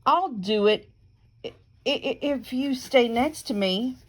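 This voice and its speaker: A woman's voice: high voice, lively intonation, slow, heavily acted. A woman reading the lines of a timid, easily scared little boy in a storybook, stammering and hesitant. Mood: nervous.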